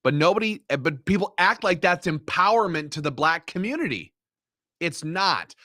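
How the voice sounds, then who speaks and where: A man's voice: high-pitched, animated, normal speed, bright, forceful tone, dry recording, studio quality. A man giving live reaction commentary, heated and indignant as he rants. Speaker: livestream commentator.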